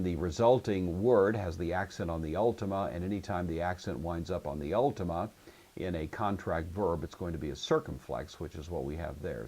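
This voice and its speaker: A man with a low, slightly husky voice gives a patient grammar lecture. He walks through each rule step by step and stops to check that his listeners follow. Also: darkish tone. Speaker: Greek teacher. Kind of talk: recorded classroom lecture.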